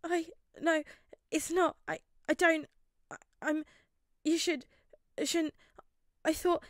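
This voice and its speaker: A woman's voice: high voice, a little mellow, dry recording, clean studio sound, voice pushed up. A woman voicing a stammering, tearful teenage boy. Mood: tearful panic. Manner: stammering, halting apologies. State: crying, gasping.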